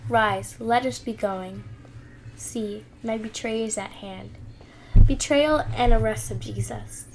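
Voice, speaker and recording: A woman reading scripture aloud in an earnest, steady way, with small restarts. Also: on the high side, slow pace, over music, poor audio. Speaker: Bible reader.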